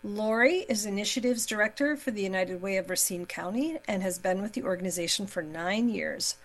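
Woman, radio show host, friendly interviewer, middle pitch, faint hum. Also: brisk, soft background music, rough recording. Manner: friendly, stumbles over words at times.

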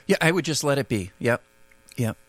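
Man, garden expert guest, radio call-in, halting explanations, dry close sound. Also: mid-range voice, expressive, a bit bright, no echo. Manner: hesitant, many restarts, friendly explaining.

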